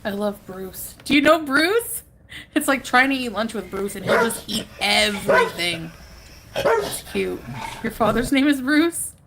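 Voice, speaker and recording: A woman's voice: medium pitch, sing-song, a little slow, heavy background noise. A woman hosting a casual live stream from home, rambling, chatting with viewers and laughing often.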